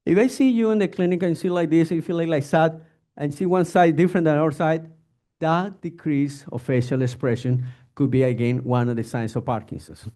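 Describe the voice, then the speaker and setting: Lively doctor lecturing on a disease. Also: male voice, fairly high pitch, a little fast. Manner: animated, acts out patient exchanges. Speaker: physician. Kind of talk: informal medical lecture.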